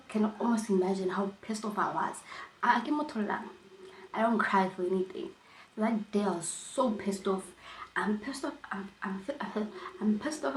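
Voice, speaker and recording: A woman vlogger telling a personal story in a casual storytime chat, animated and emphatic, often repeating herself. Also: medium pitch, reverberant, a little hiss or hum, poor audio.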